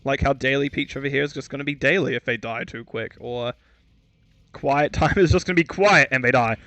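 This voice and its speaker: A man's voice: medium pitch, brisk, sharp tone. A man calling a video game match alone, in a mid-range voice. He talks in a chatty, joking way and stumbles over names before correcting himself. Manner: chatty, self-mocking, trips over names. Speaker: esports caster. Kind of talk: solo game commentary.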